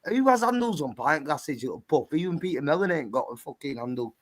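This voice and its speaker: A man on a call-in stream who teases and needles with dry sarcasm, his voice pitched somewhat high for a man. He pushes the other man with mocking questions. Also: animated, fast talker, a crowd in the background. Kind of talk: heated casual argument.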